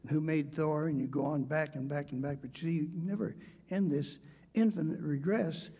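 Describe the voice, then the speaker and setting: Older male debater, husky and slightly high-pitched, measured storyteller with many pauses. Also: warm tone, big-room sound. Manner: measured, hesitant, with frequent pauses and fillers. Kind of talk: debate speech with personal storytelling.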